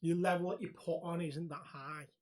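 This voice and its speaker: His voice sits on the high side and moves at a moderate pace. A young man co-hosting a podcast, he tells stories animatedly in a relaxed chat, laughing a lot and cursing freely.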